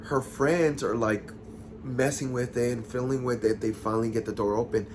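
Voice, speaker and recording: A man casually retelling a listener's ghost story, chatty and expressive, with sassy asides to the audience. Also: mid-range voice, moderate pace, noisy background.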